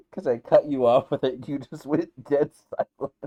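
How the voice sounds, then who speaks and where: A man's voice: mid-range voice, moderate pace, dull audio. A man streaming a game, chatting and joking casually. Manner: laughing, joking. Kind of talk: casual live-stream chat.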